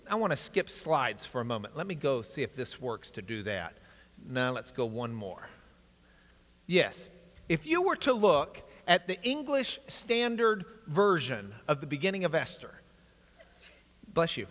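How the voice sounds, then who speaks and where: A man with a strikingly high, bright voice leads a lively class lecture, his pitch swinging widely as he explains and jokes with the room. His words ring with the long reverb of a large hall. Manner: energetic, animated storytelling with asides to the class. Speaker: Bible class teacher.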